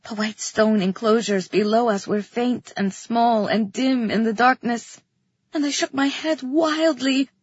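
A breathy woman reads a first-person story at an unhurried pace, her voice pitched high. The delivery is tense and vivid, and the recording is dry and a little dull. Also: no room sound. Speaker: audiobook narrator. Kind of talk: scripted first-person narration.

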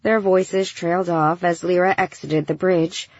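A woman narrating a science fiction audiobook in a measured, even storytelling manner. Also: lowish voice, no room sound. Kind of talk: scripted narration. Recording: dull dry studio recording.

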